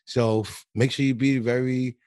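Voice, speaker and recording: A man's voice: medium pitch, little pitch movement, moderate pace, darkish tone, dry recording, studio quality. A man hosting a podcast, telling stories in casual chat, profane and often laughing. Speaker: podcast host.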